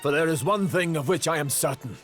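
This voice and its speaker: A man's voice: on the high side, fairly quick, a bit bright, faint music behind, voice pushed up, lightly acted. A man voicing a shy, earnest young male knight who stammers nervously.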